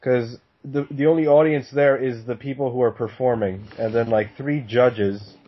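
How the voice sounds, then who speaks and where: A man's voice: mid-range voice, steady tone, moderate pace, breathy edge. A man telling a story in casual chat, swearing often and laughing. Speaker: podcast guest. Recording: dull lo-fi sound.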